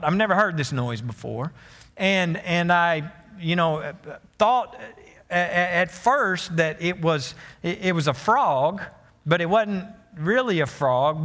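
Folksy pastor preaching in a hall. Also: male voice, high voice, fairly bright tone. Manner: folksy storytelling with repeated restarts and asides to the congregation. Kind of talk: sermon. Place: church sanctuary.

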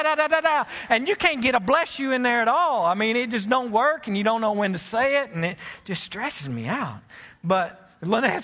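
A man's voice: high-pitched, sharp tone, in a large hall. A man with a Southern US accent preaching a sermon as pastor, folksy and joking, often restarting his sentences. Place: church sanctuary.

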